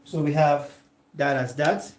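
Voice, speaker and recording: A male tutor with a Nigerian English accent giving a classroom lecture. He dictates slowly, repeats examples word by word and keeps asking "all right?". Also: fairly high pitch, steady tone. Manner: slow and dictating, checks in with "all right?" after nearly every phrase; repeats example sentences word by word for note-taking. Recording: echoey room.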